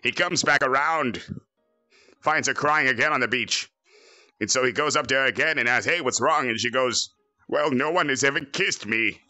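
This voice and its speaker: A man's voice: mid-range voice, normal speed, pushed and bright, no room sound, soft background music. A man voicing a cocky, crude male android villain in a fan parody, boastful and joking.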